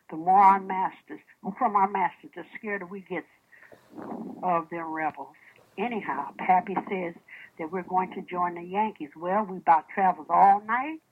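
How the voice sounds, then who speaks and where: In poor audio, a woman with a lowish, slightly rough voice delivers a sermon built around stories. She's animated, putting rhetorical questions to the congregation and reading aloud old first-person accounts.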